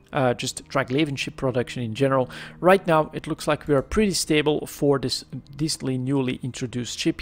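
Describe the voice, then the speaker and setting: A man hosting a casual commentary on a game's market, thinking aloud with many fillers and restarts into a desk microphone. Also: medium pitch. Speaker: gaming market analyst host.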